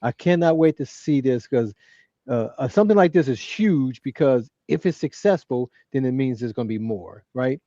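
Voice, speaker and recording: Co-host, male, earnest and halting, mellow dark tone, dull lo-fi mic. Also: medium pitch, lively intonation, no room sound. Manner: earnest, repeats words and restarts often. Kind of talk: casual podcast chat.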